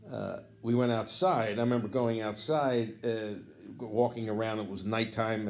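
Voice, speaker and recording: A man's voice: fairly low pitch, darkish tone. A man and jazz educator telling a casual, rambling story, losing his thread and picking it back up with fond asides.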